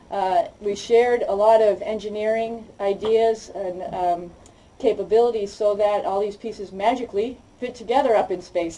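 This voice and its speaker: A woman from Boston with a Boston accent, giving a fast, chatty public talk to an audience as a guest speaker. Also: medium pitch, warm tone, distant mic, a little hiss or hum, poor audio. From Boston, United States. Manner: fast-talking, chatty, self-deprecating.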